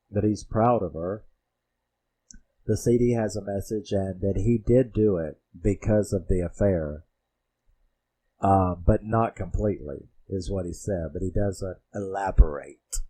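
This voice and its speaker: A man's voice: deep voice, takes it slowly, long pauses, mellow, breathy edge. A man casually retelling a movie plot, rambling and swearing, acting out the characters' lines. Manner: rambling, profane, acts out quotes. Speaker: movie reviewer.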